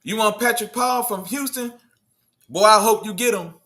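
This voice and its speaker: A man hosting a casual sports livestream, talking in loose slang, riffing and answering his chat in an animated way. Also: sits high, moderate pace. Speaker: livestream host.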